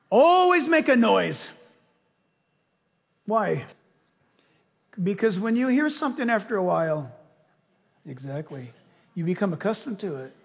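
A male pastor preaching a sermon with animated storytelling, acting out voices along the way. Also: extremely high pitch, slightly rough. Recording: long reverb of a large hall.

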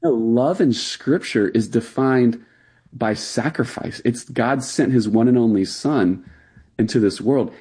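A man's voice: medium pitch, a little slow, warm tone, breathy edge. A man, a pastor, talking earnestly as a radio interview guest and explaining his views with fillers and emphasis.

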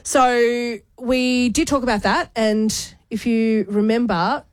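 A woman's voice: on the high side, steady tone, dry recording. A woman co-hosting a radio show, explaining the segment in casual chat and laughing easily. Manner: chatty, explanatory, quick to laugh. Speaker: radio co-host.

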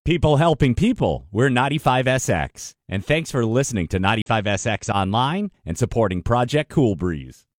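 Lively dry-voiced male radio announcer. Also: moderate pace, few pauses, no echo. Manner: friendly, salesy pitch. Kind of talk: upbeat radio promo read.

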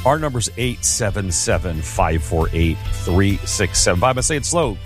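A man hosting a radio talk show, upbeat and quick when promoting the call-in segment. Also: deep voice, very animated. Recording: music bed underneath.

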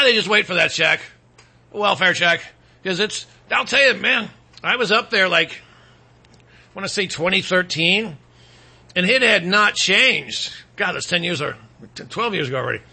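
Bright, high-voiced sarcastic male host. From Michigan, USA. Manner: rambling, sarcastic, frequent throat clearing. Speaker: talk show host. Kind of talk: casual political talk with ad reads.

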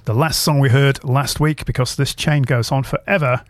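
A man's voice: mid-range voice, fairly even intonation, moderate pace, dry recording. Dry-voiced man telling rambling radio anecdotes. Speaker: radio show host. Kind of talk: casual radio chat.

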